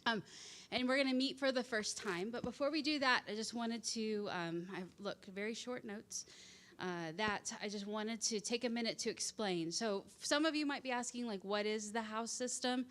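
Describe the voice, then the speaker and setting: A woman's voice: fairly high pitch, normal speed, fairly bright tone. Friendly woman dean addressing students. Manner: friendly, lots of fillers. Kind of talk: casual chapel address. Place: university chapel.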